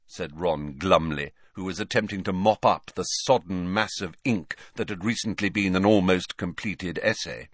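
A man narrating an audiobook in a steady, measured storytelling manner. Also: sits low, dry recording, studio quality.

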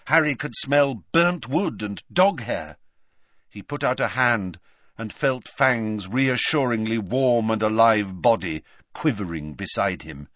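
A man narrating a story in an expressive storytelling manner. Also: lowish voice, measured pace, dry recording, clean studio sound. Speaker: audiobook narrator. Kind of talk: scripted narration.

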